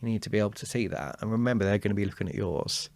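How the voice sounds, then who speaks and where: A man, a speaking coach talking as a guest in a casual podcast conversation, animated and acting out quotes. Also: on the low side, racing, gravelly, no room sound. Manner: animated storyteller, acts out quotes.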